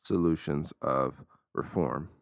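A man hosting a solo podcast, talking in a casual, emphatic, preachy way and slowing down dramatically to stress words. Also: extremely low pitch, creaky, dry recording, clean studio sound. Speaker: podcast host.

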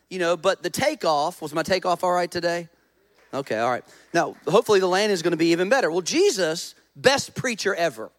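A male pastor preaching a conversational sermon, joking with the congregation and acting out voices in his stories. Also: sits high. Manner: conversational preaching with jokes and audience prompts; acts out quoted voices in stories.

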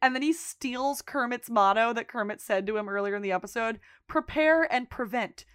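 Brief: higher-voiced woman co-host, animated profane recap, dry close sound. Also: clean tone, dry recording. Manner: excited, profane, rapid storytelling. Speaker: podcast co-host. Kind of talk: casual TV recap chat.

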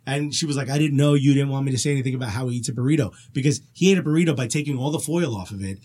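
A man chatting as a podcast guest, an animated storyteller who laughs often. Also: mid-range voice, racing, breathy edge. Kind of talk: casual podcast chat.

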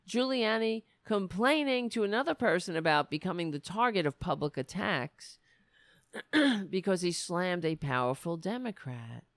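A woman's voice: sits low, no room sound, clean studio sound. A woman hosting political commentary, reading news excerpts and mocking them with sarcastic asides. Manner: reads news excerpts, then riffs on them.

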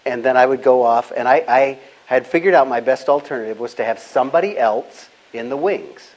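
An older man, a business founder, answering interview questions in a calm, measured way and illustrating his points with stories. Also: mid-range voice, poor audio.

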